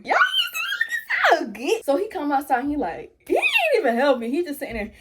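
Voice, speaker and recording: Young woman w/ aave telling a storytime, high pitched, acts out everyone's lines. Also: brisk, long pauses, heavy background noise. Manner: animated, acts out quotes in a high voice. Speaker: vlogger. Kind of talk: casual storytime.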